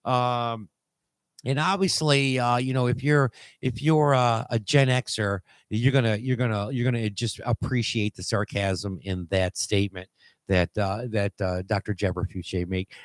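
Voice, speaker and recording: A man hosting a call-in talk show, rambling and halting with many fillers and restarts as he reads posts aloud. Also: medium pitch, fairly even intonation, no room sound. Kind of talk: casual call-in show commentary.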